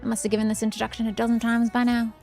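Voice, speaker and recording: A self-important young scholar who rambles on in prim, formal speech, as a woman reads her out from a fantasy game. Her voice sits fairly high, with faint music in the background. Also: monotone, racing, creaky, mellow. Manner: long-winded, prim and formal.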